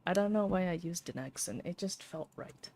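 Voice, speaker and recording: A woman streamer giving relaxed, soft-spoken casual commentary while playing a game. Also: on the low side, normal speed, slight background noise.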